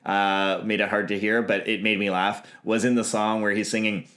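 A man's voice: on the low side, flat delivery, a bit bright. Amused man in casual podcast chat. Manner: amused, laughs often, slows down to quote lines. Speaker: podcast co-host.

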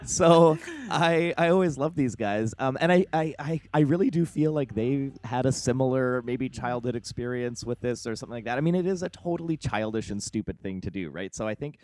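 A man's voice: medium pitch, brisk, few pauses, darkish tone, no room sound. A man co-hosting a podcast in casual chat, hesitant, with many fillers and laughs. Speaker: podcast co-host.

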